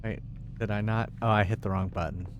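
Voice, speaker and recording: A man's voice: on the low side, steady tone, a little fast, highs cut off, background noise. A man streaming a game, making joking, playful comments as he plays. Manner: joking, playful, talks to the screen.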